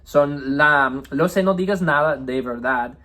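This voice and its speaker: A man teaching Spanish through song lyrics in a relaxed way, often checking in with "right?" and "okay?" as he explains. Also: a little high, normal speed.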